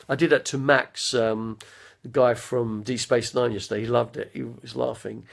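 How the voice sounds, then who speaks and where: A man's voice: mid-range voice, fairly even intonation, moderate pace, creaky. A man, chatting live from home to his viewers, drifting from one anecdote to the next. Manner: chatty, drifting between anecdotes, bursts into impressions and song. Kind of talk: rambling live-stream chat.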